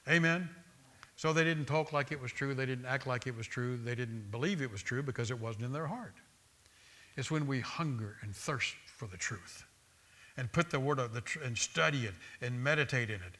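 A man's voice: medium pitch, normal speed, bright, forceful tone. A man preaching a sermon, with an emphatic, repetitive cadence that builds through lists of phrases.

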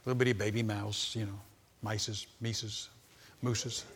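A man in his sixties preaching a sermon, telling stories that start low and soft and build to loud, high, animated peaks. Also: unhurried. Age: 60s. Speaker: pastor. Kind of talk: sermon storytelling.

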